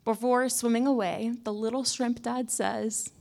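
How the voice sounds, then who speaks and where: A young adult woman preaching a conversational sermon in a wry, self-mocking way, often dropping to soft asides. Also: a little high, fairly even intonation, unhurried, gravelly.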